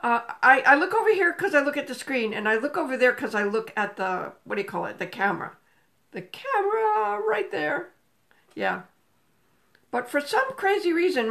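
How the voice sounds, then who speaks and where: A woman's voice: high-pitched, pushed and bright. An older woman hosting a casual live stream from home, chatting and greeting viewers by name into a phone camera. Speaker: livestream host. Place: home room with a table. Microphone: phone camera on a table.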